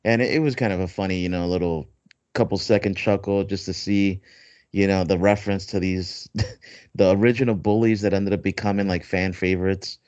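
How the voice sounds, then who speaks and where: Man, low voice, rambling podcast host, dull dry lo-fi recording. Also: fairly even intonation, a little fast, darkish tone, dry recording. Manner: rambling, laughs often, many fillers. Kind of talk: casual chat.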